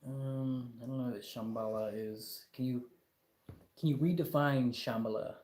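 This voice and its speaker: A man's voice: mid-range voice, fairly even intonation, a little slow, a little mellow, reverberant. A man hosting a casual livestream, talking in an emphatic, exasperated rant with lots of repetition. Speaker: livestream host.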